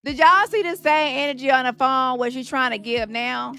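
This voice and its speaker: Bright, taunting woman livestream host. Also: high voice, normal speed, clear, resonant tone. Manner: taunting, confrontational, addresses viewers directly. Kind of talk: heated reaction commentary.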